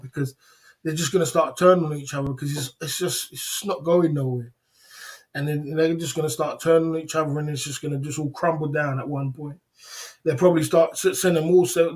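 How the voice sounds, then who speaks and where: A middle-aged man, hosting a livestream and lecturing his viewers bluntly in a casual, repetitive way. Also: on the high side. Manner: blunt and lecturing, repeats "you know what I'm saying". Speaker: livestream host.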